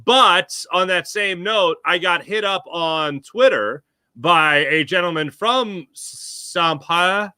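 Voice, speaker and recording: A man, the guest on a sports podcast, chatting casually and telling lively stories, acting out what people said to him. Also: high-pitched, slow pace, clean tone, dry recording. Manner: animated storyteller, acts out quotes.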